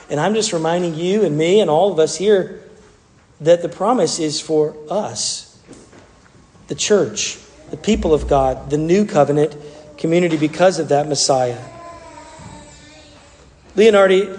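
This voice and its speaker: A male pastor giving a sermon in an animated way, often repeating words and restarting phrases. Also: a little high. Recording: long reverb from a large hall.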